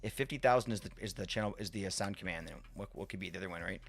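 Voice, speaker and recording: A man's voice: deep voice, very fast, creaky, fairly bright tone, faint music behind. A man live-streaming a game in casual chat who rambles, repeats himself and swears offhand.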